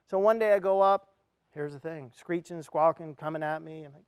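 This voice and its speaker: Earnest male speaker, slightly high voice, heartfelt storytelling, close dry sound. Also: moderate pace, clean tone, no room sound. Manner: earnest storyteller, acts out his own reactions. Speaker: speaker at an education event. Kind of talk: motivational talk with personal story.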